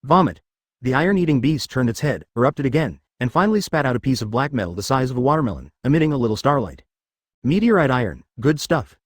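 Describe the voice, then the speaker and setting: Male narrator for a fantasy web novel audiobook; rapid, lively read, dead-dry recording. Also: medium pitch, no echo.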